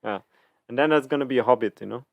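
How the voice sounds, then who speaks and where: A man's voice: medium pitch, quick pace, creaky, no room sound. A man co-hosting a casual podcast, bantering in an easygoing, joking way. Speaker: podcast co-host. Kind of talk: casual chat.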